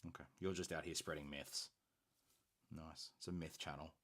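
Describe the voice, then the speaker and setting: A man's voice: rumbling low, steady tone, normal speed, fairly bright tone. A man hosting a casual painting stream, joking easily with his co-host and chat. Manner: laid-back, jokey banter.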